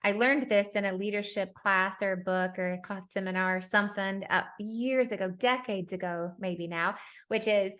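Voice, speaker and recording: A woman's voice: mid-range voice, fairly even intonation, normal speed, a bit bright. A woman in her thirties sharing personal lessons about parenting in a candid, reflective talk, with frequent fillers and a habit of laughing at herself.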